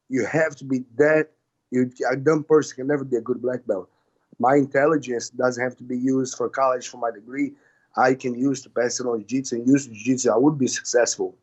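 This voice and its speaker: A man guesting on a podcast, telling his story as a martial arts coach in a rambling, animated way, with frequent swearing and restarts. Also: mid-range voice, lo-fi sound. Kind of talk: casual storytelling.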